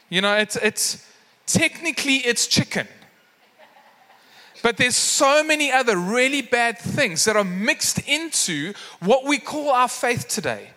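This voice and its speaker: A man's voice: very high-pitched, sharp tone. A man preaching a sermon, telling a story with acted voices and lots of fillers. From South Africa. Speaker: pastor. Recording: long hall reverb.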